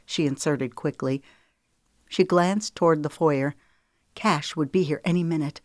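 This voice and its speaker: Low-voiced woman reading a novel. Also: normal speed, darkish tone, no echo, clean studio sound. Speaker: audiobook narrator. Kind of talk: scripted storybook narration.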